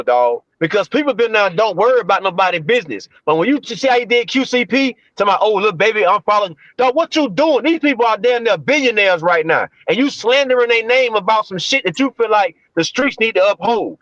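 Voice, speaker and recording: A man's voice: high-pitched, a bit bright, no room sound, muffled recording. A man co-hosting a livestream, giving emphatic, slangy commentary and repeating his points. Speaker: livestream co-host. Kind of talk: casual streetwise commentary.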